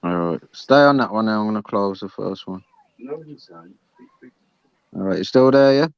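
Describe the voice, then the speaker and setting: British male host, laid-back slangy banter, smooth tone, dull lo-fi line. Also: fairly low pitch, lively intonation, normal speed, no room sound. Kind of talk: casual chat. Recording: dull lo-fi sound.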